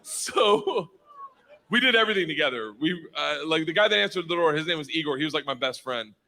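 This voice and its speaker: A man in his fifties, a stand-up comedian, tells a story on stage in a voice that sits on the high side, expressive and a little fast. He's loud and profane, swearing freely and laughing through his lines.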